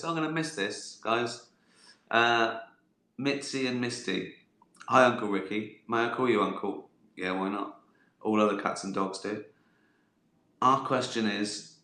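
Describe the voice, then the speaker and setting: Sharp-toned and lowish, a middle-aged man's voice rings out in a reverberant space as he hosts a casual livestream on his phone. He fields viewer questions with cursing and jokes at his own expense.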